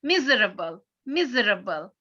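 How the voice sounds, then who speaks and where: A middle-aged woman with a Turkish accent teaching an English class, explaining patiently in halting sentences with many fillers. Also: medium pitch, sing-song, sharp tone, highs cut off.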